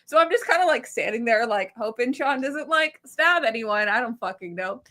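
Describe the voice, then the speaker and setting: Bright, high-voiced young woman telling stories. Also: moderate pace. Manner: animated, swears a lot, many fillers. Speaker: podcast co-host. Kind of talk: casual podcast storytelling.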